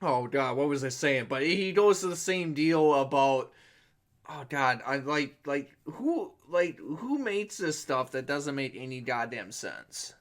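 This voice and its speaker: An American man hosting a podcast, talking in loose, rambling rants peppered with swearing. His voice sits at an ordinary middle pitch for a man, and his talk is casual and unscripted. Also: lively intonation, unhurried. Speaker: podcast host.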